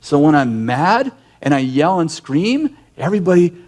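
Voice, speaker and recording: A man teaches in a conversational sermon style, animated and emphatic. His voice sits a bit high for a man. He speaks bluntly and often breaks off to restart a thought. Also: moderate pace. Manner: animated storyteller who acts out yelling scenes; direct and emphatic, with frequent restarts. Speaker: ministry leader and teacher.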